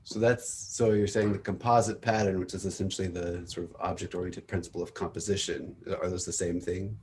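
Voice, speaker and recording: A man's voice: low voice, level tone, fairly quick, a little mellow, slight background noise. A man hosting a casual technical book club on a video call, thinking aloud and laughing often.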